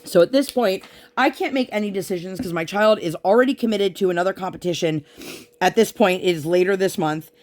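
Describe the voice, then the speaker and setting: A woman's voice: mid-range voice, brisk, a little mellow. A woman vlogger chatting casually while she crafts, venting her frustration as she retells an argument.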